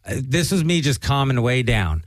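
A man's voice: medium pitch, sing-song, normal speed, no echo, rough recording. A man telling a long, profane story on a casual talk show and acting out the voices of the people in it. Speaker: guest comedian.

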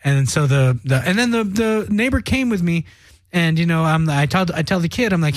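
A man's voice: on the high side, lively intonation, brisk, no room sound. A young man co-hosting a casual podcast, telling a story in a rambling, heavily profane way. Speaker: podcast co-host. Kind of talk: casual chat.

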